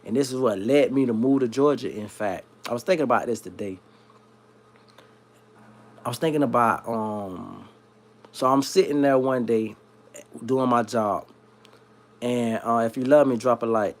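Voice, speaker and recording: A man from South Florida who hosts a livestream, telling a long story in a slangy, rambling, animated way. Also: medium pitch, moderate pace, pauses often. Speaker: livestream host. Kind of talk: casual storytelling.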